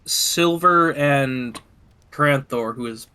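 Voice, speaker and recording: A man playing a tabletop game, describing what his character does in a halting, casual way. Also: medium pitch, pushed and bright, clean tone. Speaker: player.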